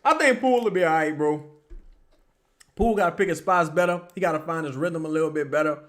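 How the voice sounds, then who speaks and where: Hyped-up young man yelling at a game. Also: fairly high pitch, fast. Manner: excitable, profane, bursts into yelling at the players. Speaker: streamer watching a basketball game live. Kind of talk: live fan watch-along commentary.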